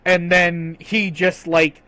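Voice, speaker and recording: A man narrating a tabletop game as game master, softly and slowly, with quick chatty asides. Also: high voice, flat delivery, smooth, dry recording, poor audio.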